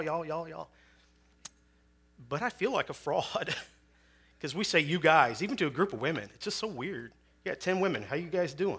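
A man's voice: on the high side, bright, forceful tone, slightly rough. A man in his forties from Chicago, preaching as a guest speaker with personal testimony, conversational, with joking asides and frequent fillers.

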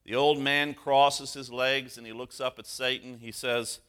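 A man preaching a sermon as pastor, earnest, slowing down for emphasis. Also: mid-range voice, little pitch movement, a bit bright, smooth.

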